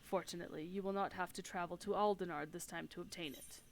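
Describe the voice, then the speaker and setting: A woman's voice: on the low side, steady tone, slight background noise, lightly acted. A woman reading a courteous old sea captain. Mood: courteous, concerned. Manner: measured, formal storytelling.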